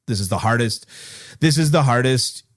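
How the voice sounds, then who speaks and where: A man's voice: mid-range voice, lively intonation, normal speed. A Canadian man hosts a casual sports podcast in an agreeable, chatty way. His sentences wander and restart as he talks things through. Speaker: podcast host.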